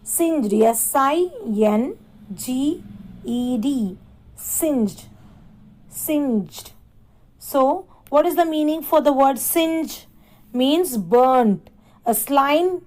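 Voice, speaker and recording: A woman's voice: high voice, a little mellow, low-quality recording. A woman teacher, giving a lesson and repeating and spelling words out aloud for children. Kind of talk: classroom lesson.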